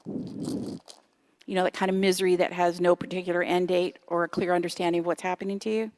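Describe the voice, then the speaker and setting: A Canadian woman in her fifties gives a conversational sermon as a guest speaker in a church sanctuary. Her voice is fairly low and darkish, level in tone and a little fast. She's chatty and self-deprecating, often putting questions to the audience.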